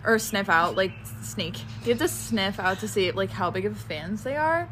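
A young woman co-hosting a casual podcast, telling long rambling stories packed with fillers. Her voice sits at a middle pitch. She is recorded outdoors with a faint hiss of background noise. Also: expressive, moderate pace. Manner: rambling, filler-heavy storytelling. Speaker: podcast co-host. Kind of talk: casual chat. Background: birds chirping.

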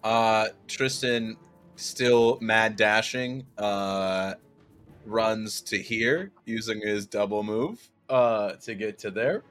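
A man playing a tabletop game, halting as he describes his character's moves, with many fillers. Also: on the low side, steady tone, fairly bright tone, clean tone, soft background music. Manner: halting, filler-heavy, laughing. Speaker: player. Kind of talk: casual tabletop play.

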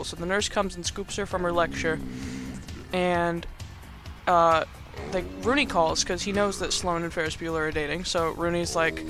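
A man's voice: high-pitched, level tone, measured pace, fairly bright tone, faint music behind. A man hosting a podcast, casually recapping a movie in a rambling, chatty way with frequent laughs. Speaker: podcast host. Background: movie soundtrack playing faintly.

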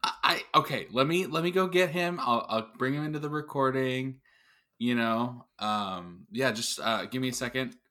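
A man's voice: mid-range voice, normal speed, bright, forceful tone, slight background noise. A man co-hosting an improv comedy podcast, hesitant and stammering, dodging questions. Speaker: podcast co-host.

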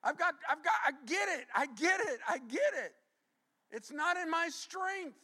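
A man acting out a desperate man who clings on and begs to be blessed, pleading loudly and repeating himself. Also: very high voice, lively intonation, measured pace, pitched above the performer's own voice, exaggerated voice. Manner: pleading, loud and repetitive.

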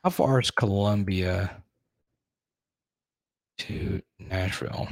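A man's voice: deep voice, takes it slowly, creaky, no echo. A young adult man hosting a casual sports talk show, rambling and thinking aloud, openly frustrated.

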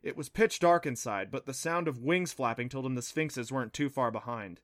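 A man narrating a children's adventure storybook in a steady, expressive reading. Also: mid-range voice, normal speed, no room sound, studio quality. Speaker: audiobook narrator.

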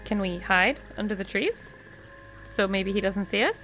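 A woman's voice: medium pitch, expressive, normal speed, fairly bright tone, soft background music. A woman playing a tabletop game, hesitant and thinking aloud about her move. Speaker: player. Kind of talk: casual tabletop play.

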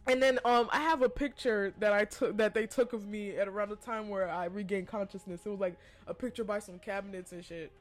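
A young woman hosting a podcast, casually telling a personal story with lots of animated asides and quoted voices. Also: mid-range voice, a little fast, few pauses. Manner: chatty, animated retelling with quoted voices and laughs. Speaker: podcast host.

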